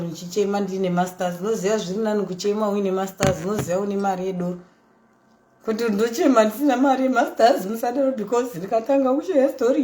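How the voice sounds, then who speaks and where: A woman's voice: medium pitch, slight background noise. Chatty Zimbabwean woman in an echoey room. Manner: chatty, switches between English and Shona, animated asides. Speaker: socialite vlogger. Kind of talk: casual storytelling monologue.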